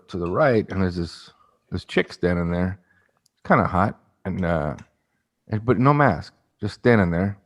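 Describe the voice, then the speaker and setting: A man co-hosting a podcast, casually telling a rambling story and acting out the people in it. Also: lowish voice. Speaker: podcast co-host.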